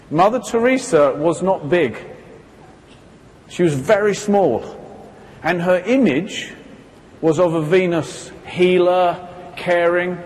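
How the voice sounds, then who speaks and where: A man's voice: high voice, a little mellow. A man presenting a live talk to an audience from a stage, asking them questions and acting out little quoted exchanges. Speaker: seminar presenter. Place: stage in a hall. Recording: reverberant hall, faint background hiss.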